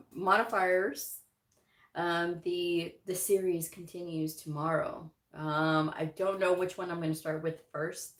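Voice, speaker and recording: A middle-aged woman hosting a casual storytelling livestream about medical coding, chatting, laughing often and acting out what others said. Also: fairly low pitch. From United States. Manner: chatty, laughs often, acts out quotes in voices. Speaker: medical coding educator and channel host. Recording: echoey room.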